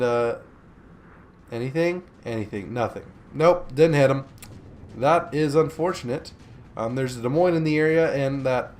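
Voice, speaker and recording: A man's voice: medium pitch, darkish tone, slight background noise. A man casually commentating a warship game replay, joking and chatty with many fillers, sleepy from recording in the morning. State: sleepy, yawning. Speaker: gameplay commentator.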